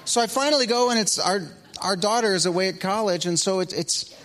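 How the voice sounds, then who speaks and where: A middle-aged man preaching a sermon, telling a story with big swings between loud excitement and hushed asides. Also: sits high, a little fast. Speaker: pastor.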